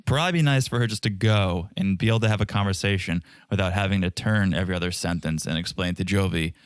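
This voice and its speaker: A man co-hosting a casual podcast recap, sarcastic and animated, jumping into mock voices as he talks. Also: fast talker, clean tone, no room sound, clean studio sound. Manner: animated, sarcastic, mimics people with big pitch jumps. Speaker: podcast co-host.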